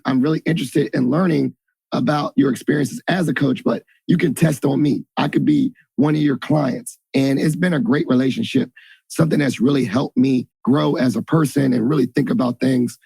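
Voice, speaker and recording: A man's voice: fairly high pitch, creaky, darkish tone, breathy edge, dry recording. A man hosting a podcast, chatting loosely and joking as he introduces his guest. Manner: chatty, jokey, loose and rambling. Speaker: podcast host. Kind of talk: casual interview chat.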